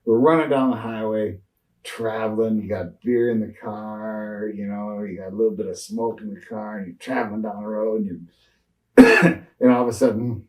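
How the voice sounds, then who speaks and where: Older man telling road stories, low voice. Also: steady tone, normal speed, a little mellow, recorded from a distance, low-quality recording. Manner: rambling, many fillers and restarts. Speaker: retired pro wrestler, interview guest. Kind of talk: shoot interview, rambling storytelling.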